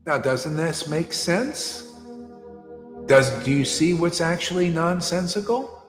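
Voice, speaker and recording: A man's voice: on the high side, lively intonation, slow. A man giving an informal sermon, telling stories bluntly in street slang and mocking others with put-on voices. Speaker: spiritual teacher. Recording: echoey hall with faint music.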